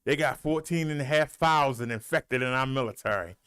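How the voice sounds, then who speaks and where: A middle-aged man and show host, out of breath, reading out the day's figures in a folksy, animated way. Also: mid-range voice, fairly quick, smooth. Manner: animated, rolls his R's, folksy drawl. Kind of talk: casual livestream talk, reading daily stats.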